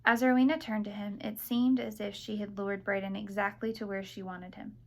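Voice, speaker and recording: Hey, woman narrating a novel, calm steady read. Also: mid-range voice, a little fast, creaky. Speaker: audiobook narrator. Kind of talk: audiobook narration.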